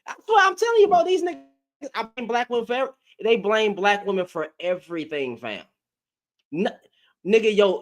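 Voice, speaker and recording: A man ranting in a casual, slangy reaction commentary, heated with loud bursts. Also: sits high, big pitch swings, a little fast.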